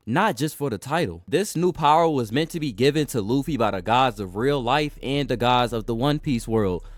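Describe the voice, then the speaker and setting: A man's voice: medium pitch, no echo. A young man hosting an anime commentary channel, narrating a scripted video essay in a casual, enthusiastic way with slangy asides.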